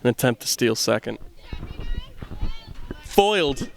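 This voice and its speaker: A Boston-area man with a mid-range voice and moderate pace gives casual play-by-play at an outdoor softball game. His commentary rambles and is full of self-deprecating jokes.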